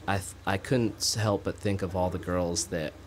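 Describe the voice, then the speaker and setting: Deep-voiced earnest man, rambling. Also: steady tone, moderate pace, slight background noise. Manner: earnest, rambling, laughs easily. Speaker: guest. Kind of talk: casual interview talk.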